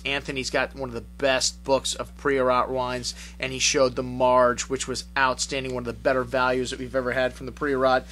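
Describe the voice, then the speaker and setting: A middle-aged man hosting a wine show, chatting casually through wine reviews with frequent uhs and pauses. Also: mid-range voice, little pitch movement, a bit bright. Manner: chatty, many uhs, lists wines. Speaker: wine shop host.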